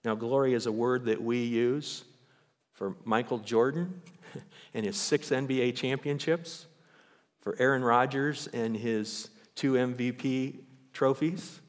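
A male pastor preaching a sermon in church. He tells Bible stories with animation and raises his voice to act them out. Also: medium pitch. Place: church sanctuary. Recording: long hall reverb.

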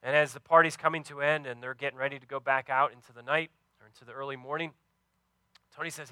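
In his sermon, a pastor speaks in a steady, bright, crisp mid-range voice, telling a story earnestly and plainly while often pausing over fillers. The audio is dry and close, without room sound.

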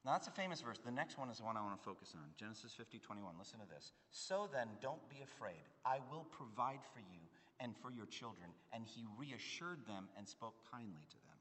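A man preaching a sermon in an earnest, emphatic way, swinging between loud stresses and hushed phrases. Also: mid-range voice, lively intonation, fairly quick, few pauses. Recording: long hall reverb.

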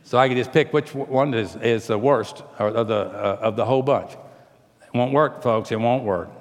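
A man preaching a sermon, swinging between emphatic bursts and slow, drawn-out phrases. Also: lowish voice, big-room sound. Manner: rising to emphatic, rapid bursts then slowing to quiet, drawn-out phrases.

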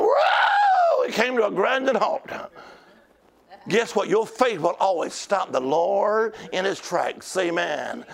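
A man preaching a fervent revival sermon, calling out to the congregation and shouting in bursts. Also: high voice, vocal fry. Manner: call-and-response with the congregation; shouts and drawn-out cries. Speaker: traveling preacher.

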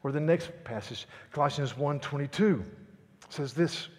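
A male pastor preaching a sermon, emphatic and repetitive, building to loud declarations. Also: fairly high pitch, moderate pace, in a large hall.

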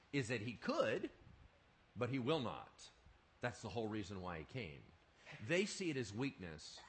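A male pastor preaching a sermon in an animated, emphatic way, often asking his listeners questions. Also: medium pitch.

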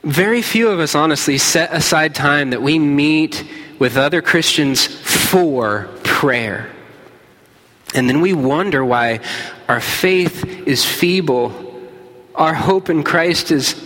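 A man's voice: a little high, lively intonation, takes it slowly, a bit bright. A man preaching a sermon as pastor, earnest and conversational. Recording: hall reverb.

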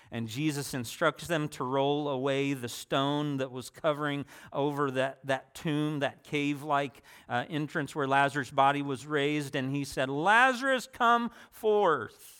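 A man's voice: mid-range voice, clear, resonant tone. A man preaching a sermon, reading scripture aloud and explaining it, with rising emphasis on the quoted words.

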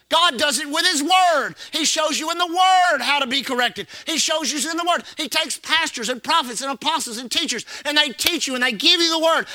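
A man's voice: extremely high pitch, pushed and bright, no room sound. A man preaching a sermon as pastor, repeating phrases and calling the congregation to respond. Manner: preaching with call-and-response and repetition.

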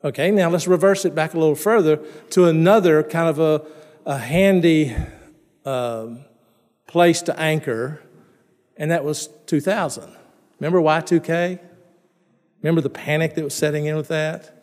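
Pastor preaching with long hall reverb. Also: male voice, a little high, moderate pace, darkish tone. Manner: conversational, repeats and restarts words, asks listeners questions. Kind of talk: sermon.

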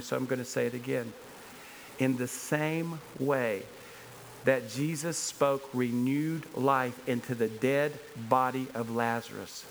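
A man's voice: medium pitch, slight background noise, low-quality recording. A man preaching a sermon to a congregation in church, earnest and emphatic, driving his points home with repeated rhetorical questions. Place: church service before a congregation.

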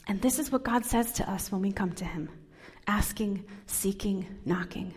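A woman pastor giving a sermon, talking softly and dropping into whispers to stress her points. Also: mid-range voice, moderate pace, breathy edge. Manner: soft, drops into whispers for emphasis.

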